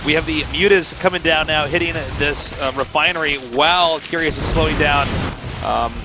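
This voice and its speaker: A man's voice: a little high, normal speed, noisy background. A man co-casting a strategy game match live, breaking down strategy as analytical color commentary. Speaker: esports co-caster.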